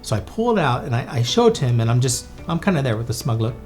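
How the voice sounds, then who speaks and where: A man's voice: mid-range voice, sing-song, quick pace, a little mellow, soft background music. A man in his thirties, a photographer and podcast host, telling a story in a casual, chatty way with many fillers and restarts.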